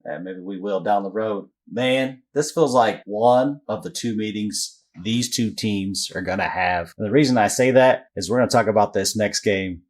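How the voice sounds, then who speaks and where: A man's voice: lowish voice, normal speed. Man co-hosting a hyped sports podcast. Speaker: podcast co-host. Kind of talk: casual sports chat.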